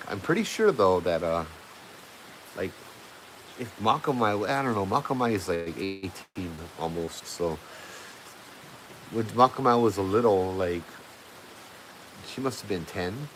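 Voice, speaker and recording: Low-voiced man rambling through a ghost story. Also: big pitch swings, a little slow, long pauses, a little hiss or hum, low-quality recording. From Hawaii. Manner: rambling, conversational, many fillers and restarts. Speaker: livestream host telling ghost stories. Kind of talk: casual storytelling to a live chat.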